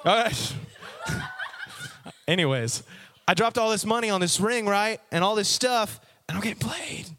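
A young man preaching a personal testimony to a youth audience, with lively storytelling and frequent direct asides. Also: high-pitched, moderate pace, slight background noise. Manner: animated storytelling, addresses the audience. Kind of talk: sermon testimony.

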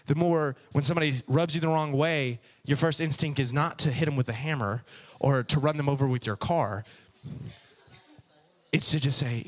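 A preacher from Texas, a man, gives a joking sermon and talks straight to his audience in a playful, animated way. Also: a little high, normal speed.

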